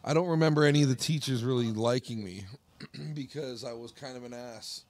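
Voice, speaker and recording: A man's voice: medium pitch, brisk, darkish tone. A young man co-hosting a podcast, chatting casually and joking in a rambling way. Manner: rambling, joking, loose with restarts. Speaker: podcast co-host. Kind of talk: casual chat.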